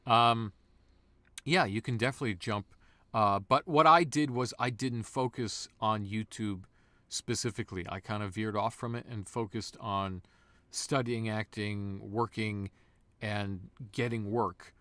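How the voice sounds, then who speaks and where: A man guest voice actor in a casual interview, an animated storyteller. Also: on the low side, a little slow, no room sound.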